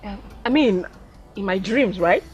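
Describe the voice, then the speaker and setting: A woman's voice: medium pitch, expressive, a little slow, darkish tone, lo-fi sound, lightly acted. An actress with a Nigerian accent playing a teasing, playful mother figure. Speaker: actor.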